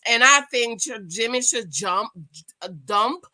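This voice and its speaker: A woman vlogging at home, giving a chatty, excitable recap of a reality dating show straight to her viewers. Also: fairly high pitch, a little slow. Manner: gossipy, excitable, talks straight to viewers as "girl". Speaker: YouTube host reviewing a reality dating show. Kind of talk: casual chatty recap to camera. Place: at home indoors.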